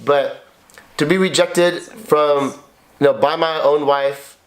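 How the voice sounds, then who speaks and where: A man's voice: on the high side, steady tone, takes it slowly. A man in his thirties co-hosting a couple's podcast, talking in a raw, confessional way, blunt and emotional, cursing often and repeating himself. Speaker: podcast co-host, husband.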